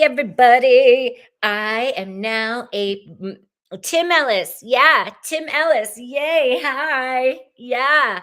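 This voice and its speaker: A woman's voice: medium pitch, a bit bright. A woman hosting a live tarot reading stream, chatting casually and effusively with viewers as she pulls cards.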